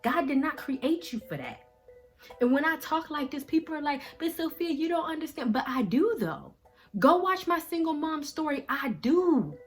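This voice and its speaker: A woman speaking in a fervent, preachy style, delivering faith-based encouragement straight to the viewer. She swings from hushed to loud and drops casual slang into her advice. Faint music plays softly behind her. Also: high voice, big pitch swings, normal speed. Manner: emphatic and preachy, swinging between soft and loud. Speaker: vlogger giving life advice. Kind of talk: faith-based motivational talk.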